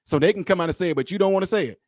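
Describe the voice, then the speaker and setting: A high-pitched man talks straight into a dry, close mic, teasing and animated as he comments on a clip. He repeats his lines for effect and keeps the banter going. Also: rapid-fire, no room sound. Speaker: video commentator. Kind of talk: reaction commentary.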